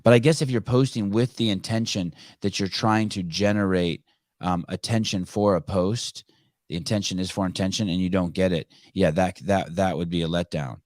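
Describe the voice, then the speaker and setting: A man's voice: deep voice, steady tone, moderate pace, a little mellow, no echo, studio quality. A man in his fifties hosting a podcast, talking in a profane, rambling way with many restarts. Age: 50s. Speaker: podcast host. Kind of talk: casual chat.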